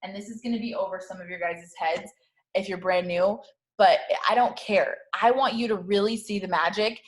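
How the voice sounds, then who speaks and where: A woman's voice: fairly even intonation, normal speed. Casting: woman, 30s, network-marketing team leader, punchy hype talk, slangy, keeps checking in with her listeners. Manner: high-energy, repetitive, slangy, keeps asking "okay?". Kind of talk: motivational talk to camera.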